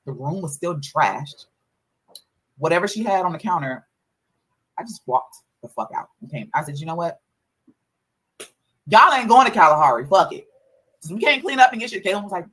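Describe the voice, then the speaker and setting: A woman's voice: lowish voice, animated, a little fast, long pauses, a bit bright, breathy edge, rough recording. A mother telling a story in a casual vlog, exasperated and profane, repeating herself as she vents about her kids.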